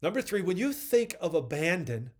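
High-voiced man preaching a devotional. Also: very animated, normal speed, darkish tone. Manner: earnest preaching, reads quotes then comments. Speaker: podcast host. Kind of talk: devotional sermon podcast.

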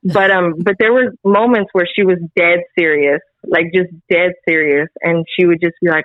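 A woman telling a personal story in casual chat, animated and laughing often, acting out the lines she quotes. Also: lowish voice, normal speed, dry recording, narrow, tinny audio. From Central Texas. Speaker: guest.

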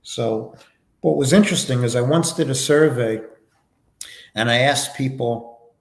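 A man as a podcast guest, answering interview questions in a relaxed, anecdotal way with many fillers. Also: medium pitch, measured pace, echoey room. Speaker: podcast guest, foundation vice president.

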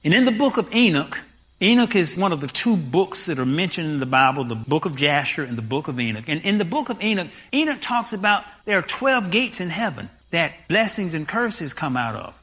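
Pastor, 60s, preaching; bright, lively delivery with rhetorical questions. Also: medium pitch, fairly quick. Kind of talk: sermon.

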